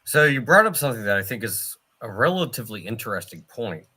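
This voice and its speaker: A man co-hosting a casual chat, thoughtful and measured. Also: mid-range voice, sing-song, sharp tone, slightly rough. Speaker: podcast co-host.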